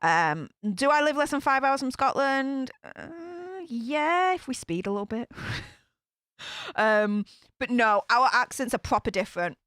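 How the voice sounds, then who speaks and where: A woman's voice: a little high, animated, a little slow, a bit bright, clear, resonant tone, dry recording, clean studio sound. A woman with a Yorkshire accent chatting casually with her live-stream viewers, rambling with lots of fillers and restarts. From Northern England. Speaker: YouTube commentator reading live chat.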